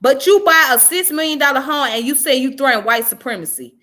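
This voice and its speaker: A woman's voice: high voice, lively intonation, fairly quick, bright, forceful tone. A woman reading a news article aloud and commenting on it with indignant, profane outbursts.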